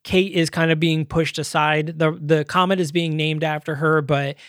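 A man with a fairly high voice co-hosts a casual movie review podcast. He retells scenes in an animated way and slips into quick impressions. The sound is dry and close to the mic. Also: no echo. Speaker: podcast co-host.

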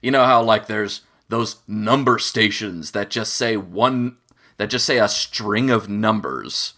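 A man's voice: fairly low pitch, takes it slowly, bright, forceful tone. A man co-hosting a casual podcast, making wry jokes among friends. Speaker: podcast co-host.

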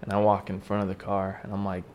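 A man co-hosting a podcast, telling an animated, swearing story in casual chat and shouting the lines he quotes. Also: sits low, fast talker, a little hiss or hum. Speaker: podcast co-host.

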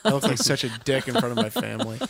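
A man's voice: medium pitch, very animated, rapid-fire, vocal fry, a crowd in the background. A young man, a comedian, telling crude, playful stories in casual podcast banter. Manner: storytelling, crude, playful voices in anecdotes.

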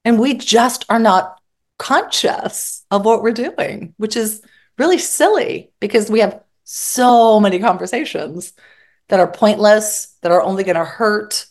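A woman therapist speaking as an interview guest, expressive and acting out her examples vividly. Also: mid-range voice, a little slow. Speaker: psychotherapist guest. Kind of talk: interview conversation.

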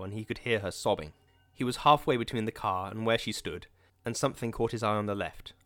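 A man narrating an audiobook in a measured, dramatic reading. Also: lowish voice, fairly bright tone. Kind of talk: scripted narration.

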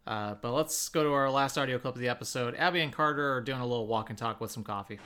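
A man with a bright, forceful voice co-hosts a casual TV recap. He speaks hesitantly and keeps restarting his thoughts. His pitch is ordinary. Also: quick pace, clean tone. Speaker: podcast co-host.

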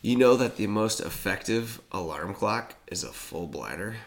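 Casting: man, mid-pitched, lively, giggly, stumbles on his words. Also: normal speed. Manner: laughs often, stumbles and restarts. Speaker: podcast co-host. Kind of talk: casual banter.

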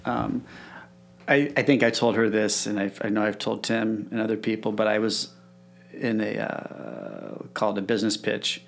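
A man's voice: on the low side, level tone, normal speed, gravelly. A man hosting a podcast, chatting casually and agreeably, prompting his guest along. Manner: agreeable, encouraging, eager to prompt. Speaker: podcast host. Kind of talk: casual interview chat.

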